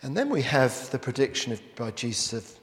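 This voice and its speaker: A man preaches an expository sermon, working through a Bible passage in a medium-pitched voice that is very animated and a little fast. He frequently turns his statements into rhetorical questions for the listeners. The hall is echoey with long reverb.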